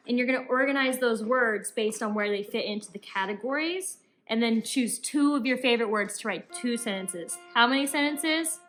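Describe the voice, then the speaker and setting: A woman's voice: fairly high pitch, pushed and bright, low-quality recording. A young woman teacher giving upbeat, encouraging instructions to young children in a recorded remote lesson. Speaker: elementary school teacher.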